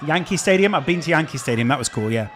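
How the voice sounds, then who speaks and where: A man's voice: fairly high pitch, animated, fast talker, fairly bright tone, slight background noise. A man with a Scouse accent hosting a casual live stream, chatting and answering viewer questions. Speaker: streamer host.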